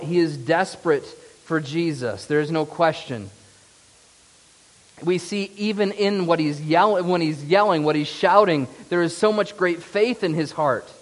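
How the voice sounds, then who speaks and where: A man's voice: high-pitched, in a large hall. A man preaching a sermon in an earnest, emphatic way. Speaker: pastor.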